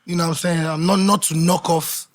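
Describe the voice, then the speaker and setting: A man's voice: on the high side, little pitch movement, fairly quick. A man in his thirties, a singer guest, talking in an easygoing, rambling way during casual interview chat.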